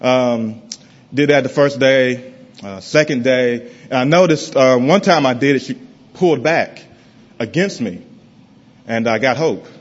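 A man giving a personal testimony to a congregation in a church, halting and often dropping soft and low. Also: dull audio.

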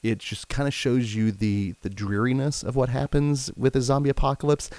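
A man's voice: mid-range voice, steady tone, moderate pace, darkish tone, dry recording. A man hosting a podcast who chats casually about films and steers the conversation along. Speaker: podcast host. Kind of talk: casual film chat.

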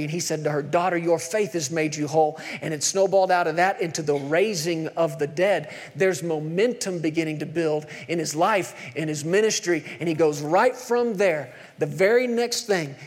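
A man with a notably high voice delivers a sermon. He retells the stories with energy and acts out the quoted speech. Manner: animated storytelling, acting out quotes. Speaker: preacher.

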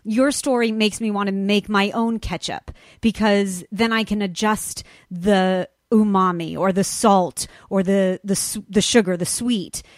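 A woman's voice: mid-range voice, fairly even intonation, a little slow, dry recording, clean studio sound. A woman hosting a broadcast interview, enthusiastic, reading a scripted introduction. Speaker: host.

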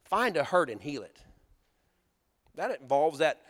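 Folksy preaching man, high lively voice. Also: a little slow, big-room sound. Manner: folksy, storytelling, rhetorical questions to the congregation. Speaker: pastor. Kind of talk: sermon.

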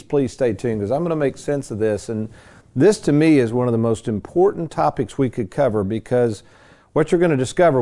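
Folksy, mellow-voiced radio host man. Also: mid-range voice. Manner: folksy, joking, rambling with fillers. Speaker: radio host and retirement planner. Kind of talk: radio talk show chat. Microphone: studio microphone.

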